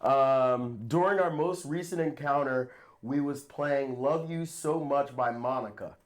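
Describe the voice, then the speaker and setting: A man's voice: mid-range voice, unhurried. A man co-hosting a talk show, reading a listener's letter aloud in a plain voice.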